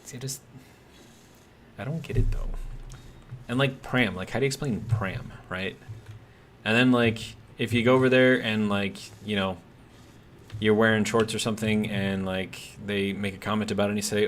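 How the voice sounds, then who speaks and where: A man with a Midwestern American accent talks over his game in a low-pitched, easygoing voice. He rambles from task to tangent, leaning on "like" and puzzled asides. Faint keyboard clatter sits behind him. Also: fairly even intonation, moderate pace, a little hiss or hum. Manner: rambling, filler-heavy, bemused asides. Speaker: game streamer. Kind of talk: casual gameplay commentary.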